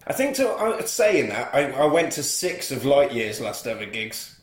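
Animated man recapping a film. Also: medium pitch, normal speed. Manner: playful, theatrical storytelling. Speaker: podcast co-host. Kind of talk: casual chat, recapping a film. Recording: roomy echo.

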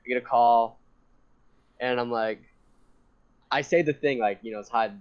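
A young man tells a long, winding story in relaxed conversation. He rambles, swears, laughs and gets animated, at a middle pitch. The sound is slightly dull and lo-fi. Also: normal speed. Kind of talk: casual storytelling.

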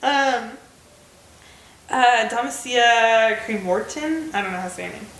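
A young American woman in her twenties chats casually as a podcast co-host, her voice a little high and very bright, full of "like" and loose fillers. She sounds like she is in an echoey room with a faint hiss underneath. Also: unhurried. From United States. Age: 20s. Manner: chatty, many fillers. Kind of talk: casual chat.

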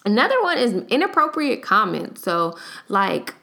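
A woman's voice: a little high, very animated, normal speed, gravelly, pushed and bright. A young adult woman vlogging in a casual, chatty way, retelling stories with slangy asides. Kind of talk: casual storytime vlog.

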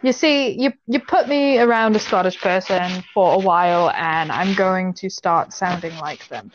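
A woman's voice: fairly low pitch, unhurried, highs cut off, a little hiss or hum. A woman co-hosting a casual podcast chat, rambling and restarting her sentences and laughing often. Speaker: podcast co-host.

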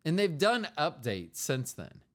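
This American podcast co-host, chatting casually with his partner, has a fairly high, fairly bright voice with big pitch swings and a slightly slow pace. He meanders and rambles, trailing off often.

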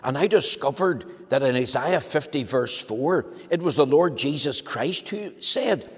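Male preacher, children's address; animated, slightly husky, reverberant hall. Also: a little slow, few pauses. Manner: animated storytelling, lively pitch.

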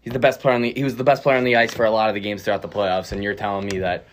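A young man rattling off profane sports opinions at high speed, his voice jumping up sharply when he gets worked up. A faint hiss sits under the recording. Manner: rapid, profane, jumps up in pitch when excited. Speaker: podcast co-host. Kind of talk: heated casual sports debate.

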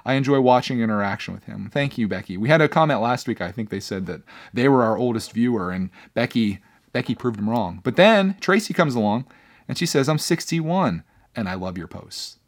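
A man's voice: medium pitch, animated, brisk. A young man hosting his own podcast, talking casually and earnestly, with many fillers and restarts, reading out viewer comments. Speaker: podcast host. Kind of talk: casual solo podcast talk.

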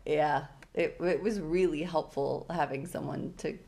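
A woman's voice: low-pitched, a little slow, gravelly. A young woman co-hosting a casual faith podcast, telling stories with lots of fillers. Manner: animated storyteller, acts out her past panic with laughing and shouting. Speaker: podcast co-host.

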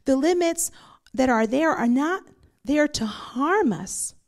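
A woman's voice: sits high, expressive, takes it slowly. A middle-aged woman pastor teaching a Bible study in a conversational, storytelling manner.

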